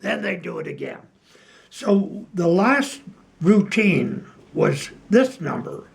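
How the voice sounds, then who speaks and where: Older man, gravelly voice, slow halting anecdote, somewhat high pitch. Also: wildly swooping pitch, faint music behind. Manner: slow, halting storytelling with many fillers. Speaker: retired piano player telling stories. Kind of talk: casual anecdote.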